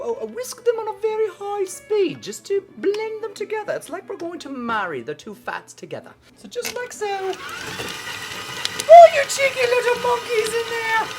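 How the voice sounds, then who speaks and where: A woman's voice: very high-pitched, voice pushed up. A woman voicing a fussy, perky British woman TV cook in a put-on British accent, with twee, silly asides. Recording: background music.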